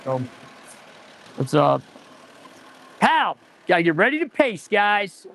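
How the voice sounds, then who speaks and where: A man's voice: high-pitched, very animated, slow, a bit bright. A man in his forties, an auto mechanic hosting a casual livestream, rambling and answering viewer chat as he goes. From United States.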